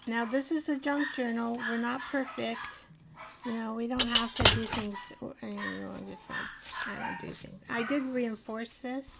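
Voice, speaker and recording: Gravelly, slow-talking woman crafting at home. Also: a little high, steady tone, very noisy. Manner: rambling, self-deprecating, talks to herself while working. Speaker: art show host. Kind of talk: casual craft demonstration chat.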